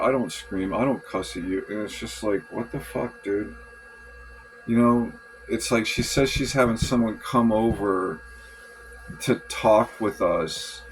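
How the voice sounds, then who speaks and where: Frustrated low-voiced man venting. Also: a little hiss or hum, poor audio. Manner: frustrated, rambling, swearing, many restarts. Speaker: vlogger. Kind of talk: venting journal monologue.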